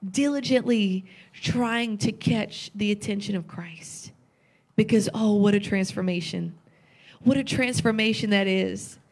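A woman preaching a sermon with passion, repeating phrases and asking rhetorical questions, at times tearful. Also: fairly high pitch.

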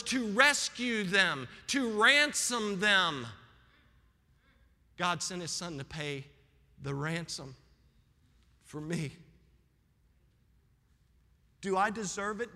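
A man's voice: very high voice, bright, forceful tone. A male pastor preaching a fervent sermon, joking with his congregation. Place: church sanctuary. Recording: long hall reverb of a church.

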